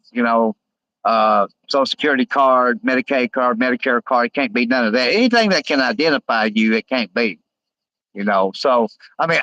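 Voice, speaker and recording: A man hosting a casual live stream, rambling with many halting fillers as he reads out viewer comments. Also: medium pitch, bright, forceful tone, dry recording, dull audio.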